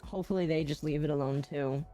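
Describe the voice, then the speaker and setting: Woman, very low voice, giggly, teasing, casual game-stream chat, faint music behind. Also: fast talker, mellow. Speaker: streamer host. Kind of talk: casual chat while gaming.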